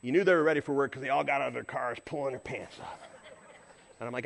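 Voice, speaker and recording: Middle-aged male pastor, high bright tone, animated storytelling sermon. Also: fast talker, gravelly. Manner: animated storyteller, acts out shouts and honks.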